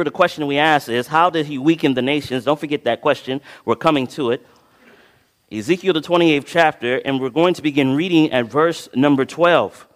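A man preaching a sermon, his voice sitting a little high for a man and carrying a long reverb tail through a large sanctuary. He reads scripture with dramatic swells and sudden drops in volume. He keeps throwing questions out to the congregation, then answering them himself. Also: a bit bright.

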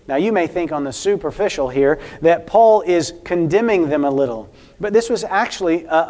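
A man preaching a sermon to a congregation, telling a personal story and asking the listeners questions. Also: fairly high pitch. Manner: storytelling, animated, addresses congregation directly.

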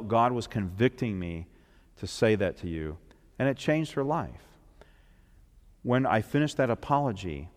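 Earnest male preacher in a reverberant hall. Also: mid-range voice. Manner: earnest storytelling, builds up then drops soft. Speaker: minister. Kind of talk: sermon.

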